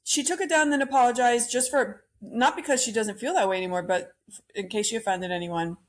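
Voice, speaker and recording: A woman hosting a solo podcast, ranting bluntly and opinionatedly about pop culture and swearing freely. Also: a little high. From Cuban-American. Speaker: podcast host.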